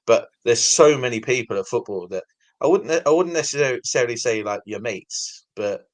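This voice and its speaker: A man's voice: mid-range voice, lively intonation, normal speed, no room sound. A man in his thirties with an English accent hosting a casual interview, loose and full of "sort of" fillers. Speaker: podcast host, interviewer.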